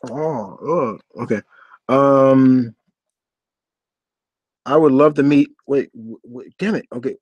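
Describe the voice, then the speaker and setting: A man's voice: medium pitch, slow pace, pauses often, breathy edge, no echo, lo-fi sound. Guy rambling through a live q&a stream, dry close sound, lots of ums and restarts. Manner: rambling, chatty, frequent fillers and restarts. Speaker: host of a live Q&A. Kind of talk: casual live-stream chat.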